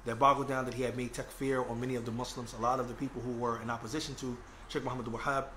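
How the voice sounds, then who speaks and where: A man's voice: mid-range voice, little pitch movement, very fast, sharp tone, a little hiss or hum. A man delivering a religious lecture, earnest and conversational, often checking in with his listeners. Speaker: Islamic lecturer.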